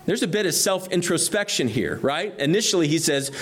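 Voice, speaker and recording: Guy preaching a bible sermon, kinda high voice, swings up and down a lot as he explains each verse. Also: brisk. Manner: reads scripture aloud and explains it verse by verse; animated, rising emphasis on key phrases. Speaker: pastor. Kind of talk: expository sermon.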